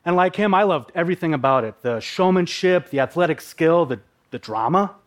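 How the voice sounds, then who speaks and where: A man's voice: a little high, lively intonation, a little fast. A man from Minnesota telling a personal story in a vivid, dramatic way with playful asides. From Minnesota, USA.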